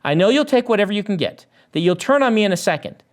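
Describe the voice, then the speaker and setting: A man's voice: sits high, expressive, fast talker, pitched above the performer's own voice. A man reading aloud, voicing a curt, reproachful village woman from a medieval world in his own voice. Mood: stern.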